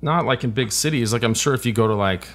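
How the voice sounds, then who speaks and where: A man's voice: medium pitch, quick pace, a bit bright. A man chatting casually as a podcast guest, rambling with lots of "like" and "you know" and plenty of swearing.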